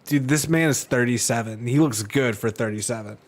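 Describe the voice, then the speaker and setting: A man's voice: medium pitch, brisk, a little hiss or hum. A man casually commenting on his own podcast on a live stream, rambling in a laid-back way with lots of fillers.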